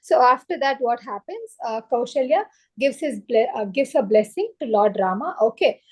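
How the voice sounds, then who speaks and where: A woman's voice: on the high side, animated, moderate pace, slightly rough. A woman telling a story to children on a video call, checking in often with "okay?" and "right?". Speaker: children's teacher. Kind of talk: storytelling lesson for kids.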